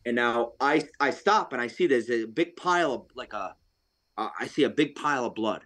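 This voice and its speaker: A man from Rhode Island telling a hunting story on a podcast in a casual, animated way, acting out what people said. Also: medium pitch, normal speed. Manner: animated, acts out quotes, laughs often. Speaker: podcast guest, deer hunter.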